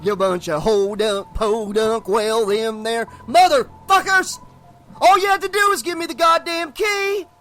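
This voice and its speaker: A man's voice: high voice, expressive, a little slow, soft background music, pitched above the performer's own voice, exaggerated voice. A man doing a taunting demon salesman. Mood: mock southern rant. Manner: mocking, theatrical shouting. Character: sneering demonic male salesman, taunting and cruel.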